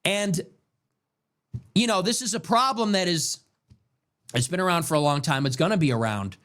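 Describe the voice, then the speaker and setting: A man's voice: high-pitched, animated, normal speed, fairly bright tone. Heated, ranting livestream host, man. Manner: repeats himself with restarts when worked up. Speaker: show host. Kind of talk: late-night livestream political commentary.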